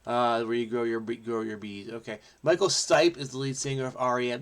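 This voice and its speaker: A man from New Jersey solving a crossword aloud, excitable and frenetic, muttering to himself and breaking into snatches of song. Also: mid-range voice, a little fast, few pauses. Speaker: crossword solver host. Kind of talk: thinking aloud while solving.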